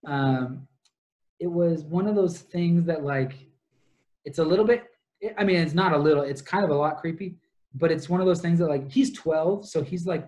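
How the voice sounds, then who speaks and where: In casual book-club talk, a young co-host with a slightly high, darkish voice retells a plot at length. His account rambles, dense with detail, fillers, and asides.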